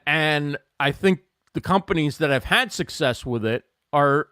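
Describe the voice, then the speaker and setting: A man hosting a livestream interview show, talking through a video call setup. His voice sits high and comes across smooth and resonant. He heaps enthusiastic praise on his guest, and the sound is dry and close. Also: a bit bright, no room sound. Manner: enthusiastic, effusive introductions. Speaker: host.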